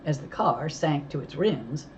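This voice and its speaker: A woman reading a children's novel aloud, telling it with lively storytelling. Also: sits low, unhurried, muffled recording, slight background noise. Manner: lively storytelling, voicing characters. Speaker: audiobook reader.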